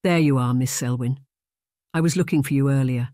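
A man's voice: mid-range voice, fairly quick, warm tone, dry recording, studio quality, lightly acted. A man voicing a kindly, cheerful middle-aged noblewoman who is letting her governess go, speaking graciously in an audiobook.

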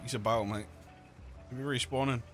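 A man's voice: mid-range voice, normal speed, soft background music. A man bantering and laughing with friends during an online race game. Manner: laughing, excitable, calls everyone mate. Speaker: player. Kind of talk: casual gaming banter.

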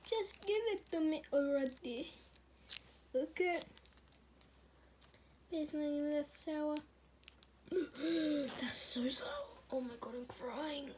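A woman's voice: high voice, slow pace, pauses often, a little mellow, a little hiss or hum. A woman voicing a boastful male plush plumber toy who whispers his lines.

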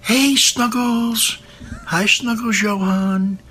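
A man's voice: sits high, steady tone, takes it slowly. Man cooing baby talk to a cat. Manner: cooing, soft, singsong pet talk. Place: home recording played on air.

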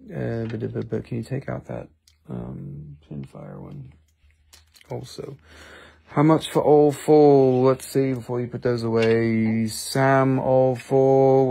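A man's voice: mid-range voice, gravelly, mellow. A man hosting a live selling stream, bantering and joking with viewers.

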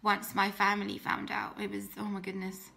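A woman's voice: medium pitch, completely flat delivery, moderate pace, creaky, bright, forceful tone. A young woman tells her personal faith testimony in an earnest, heartfelt way, often restarting her sentences.

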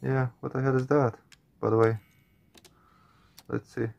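A man with a gravelly, mid-range voice talks his viewers through a horror game. He sounds nervous and on edge, swearing often and tacking man and guys onto his lines as he reacts. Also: mid-range voice, level tone, a little slow, darkish tone. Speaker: gaming channel host.

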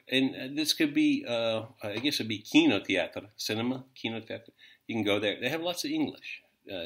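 Low, bright-voiced American man teaching. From United States. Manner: rambling, joking, many fillers and restarts. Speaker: language teacher. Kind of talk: casual language lesson.

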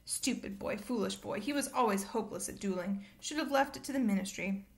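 A woman's voice: medium pitch, fairly quick, lightly acted. A woman reading aloud and voicing a stern older female professor who sounds thick-voiced from a head cold.

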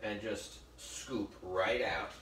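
Speaking slowly in a fairly low voice, a man hosts a live cooking demo as a chef. He jokes, chats, tells stories and often calls his viewers "folks" as he cooks. The recording has a roomy, distant-mic quality with faint noise, from a kitchen or library demo room.

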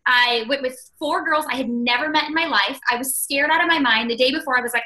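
A woman in her thirties tells her story in a chatty, upbeat way. Her voice sits high and bright, and she scatters "like" and "you guys" through her talk. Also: fast, hardly any pauses, rough recording. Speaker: guest speaker. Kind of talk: personal success story on a call.

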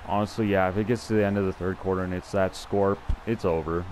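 A young man with a fairly low voice talks through his football video game as he plays. He is chatty and self-deprecating, thinks aloud and restarts his sentences, and a faint hum sits under his voice. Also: steady tone, fast, a little mellow. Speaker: gameplay commentator. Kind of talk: casual live gameplay commentary.

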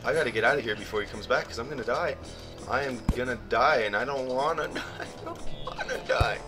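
A young man giving excitable let's play commentary, often shrieking in panic and blurting silly exclamations. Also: medium pitch, fast. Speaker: gaming channel host. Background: game music.

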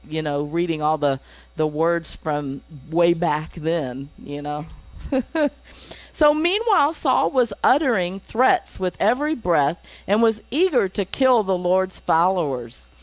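Woman pastor reading the bible with lots of chatty asides, mid pitch, dry close sound. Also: no room sound, low-quality recording. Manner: reads scripture with chatty asides and chuckles. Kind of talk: Bible teaching.

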